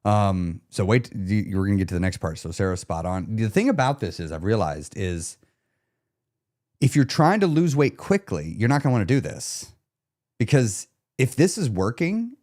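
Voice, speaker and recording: A man's voice: on the low side, sing-song, normal speed, a little mellow. A man coaching viewers on a live stream, speaking emphatically, repeating key questions and checking in with his audience. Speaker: weight loss coach.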